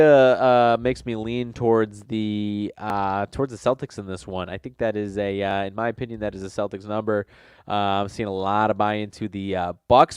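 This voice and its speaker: A man's voice: fairly low pitch, clean tone, dry recording. A man hosting a sports betting show, a little nasal from a cold, talking casually and rambling with many fillers and self-corrections. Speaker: sports betting podcast host.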